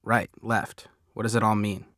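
A man narrating a first-person audiobook in a steady, plain storytelling manner. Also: on the low side, moderate pace, dry recording, studio quality.

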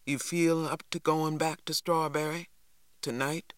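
A man voicing a stern, weary farmer father who speaks low, quiet and clipped. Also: steady tone, unhurried, clear, resonant tone, no echo, clean studio sound. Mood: grim.

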